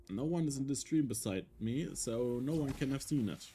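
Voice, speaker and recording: A man's voice: mid-range voice, animated, moderate pace, mellow, faint music behind. A man with a German accent, a native German speaker, rambling and joking to himself on a casual solo game stream.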